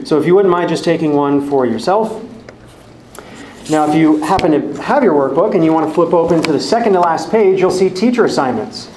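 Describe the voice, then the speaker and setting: A man's voice: on the high side, animated, fairly quick, a little mellow, slight background noise. A man who teaches a Bible study, giving friendly, organized announcements to a live group in a church hall. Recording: echoey church hall, faint ambience.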